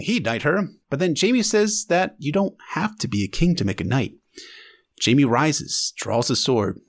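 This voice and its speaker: Lively, sarcastic man recapping. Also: a little high. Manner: emotional, wry and sarcastic asides. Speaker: podcast host. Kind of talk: casual episode recap.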